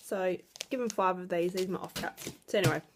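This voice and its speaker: Chatty young mum vlogging. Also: female voice, on the low side, fast talker, noisy background. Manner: chatty, laughing, distracted by her child. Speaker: direct sales consultant. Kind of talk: casual vlog chat. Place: at home.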